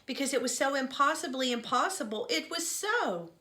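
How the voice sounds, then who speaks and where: A woman's voice: on the high side, huge pitch swings, unhurried, a bit bright, voice pushed up, full character voice. A woman voicing an eager young girl who insists urgently, in a children's novel read aloud.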